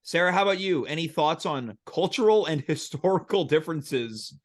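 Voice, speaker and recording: Man, host, high voice, very expressive, playful banter, casual chat. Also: normal speed. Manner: playful, teasing. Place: studio.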